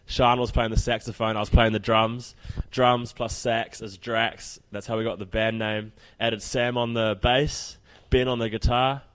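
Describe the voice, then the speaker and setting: A man with a New Zealand accent recounting his band's beginnings at an ordinary pitch. He talks in a relaxed, easygoing way as an interview guest. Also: unhurried, clear, resonant tone. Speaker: band drummer, guest. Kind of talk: casual storytelling in interview.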